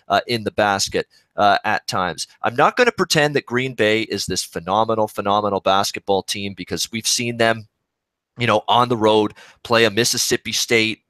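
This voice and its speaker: A man's voice: fairly low pitch, fairly bright tone, no echo. Male betting analyst, methodical co-host read, dry close sound. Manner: measured, methodical breakdown of numbers.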